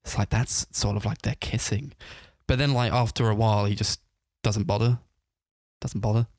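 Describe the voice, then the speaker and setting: Male podcast co-host with a low voice and a dry, close sound. Loose, rambling, laughing film recap. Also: fairly quick, no room sound. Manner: rambling, full of "like" fillers, laughs while retelling scenes. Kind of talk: casual film review chat.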